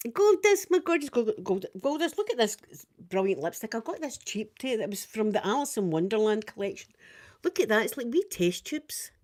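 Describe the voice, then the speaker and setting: A Scottish woman in her fifties, chatting casually with viewers on a live stream, rambling and swinging up and down in pitch. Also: very animated, normal speed, darkish tone. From Scotland. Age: 50s.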